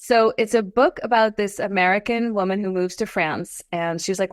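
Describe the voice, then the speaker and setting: A woman in her forties, a podcast guest, telling her story in a casual interview, animated and climbing into high exclamations. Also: normal speed, dry recording, studio quality. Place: Los Angeles.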